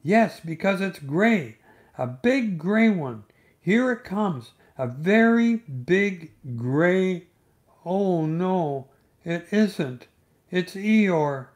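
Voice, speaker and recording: A gentle, slightly muddled teddy bear, as voiced by a male storyteller. He speaks a bit higher than the reader's own voice, softly and with hesitant stops. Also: lively intonation, drawn-out words, heavily acted.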